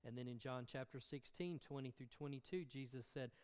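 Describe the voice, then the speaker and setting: A man's voice: medium pitch, a little fast, darkish tone, clean tone. Man preaching a sermon in a reverberant hall. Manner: earnest preaching with filler ums and self-corrections. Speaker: pastor.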